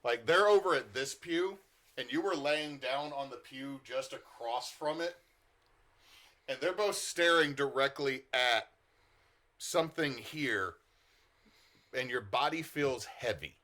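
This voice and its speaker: A man's voice: mid-range voice, takes it slowly, pauses often, bright, forceful tone. A man narrating as game master of a tabletop horror game, explaining rules and describing scenes in a casual way.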